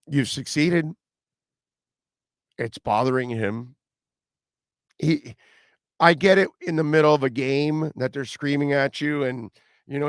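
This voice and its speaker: A man's voice: medium pitch, dry recording, studio quality. A man hosting a sports radio show, talking casually with fillers and repeated words.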